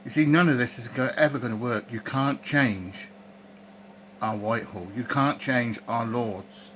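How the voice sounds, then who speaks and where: A man's voice: mid-range voice, a little slow, a bit bright, a little hiss or hum, low-quality recording. A man, delivering an opinionated monologue to camera, ranting, asking rhetorical questions and speaking scornfully. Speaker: political commentator.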